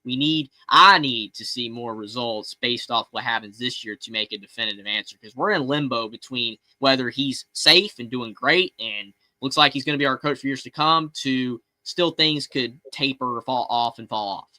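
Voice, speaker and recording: A man co-hosting a sports call-in show, rambling excitedly and often restarting his sentences. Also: medium pitch, normal speed, hardly any pauses, no room sound, low-quality recording. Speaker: co-host of a fan call-in show. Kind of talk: casual sports talk.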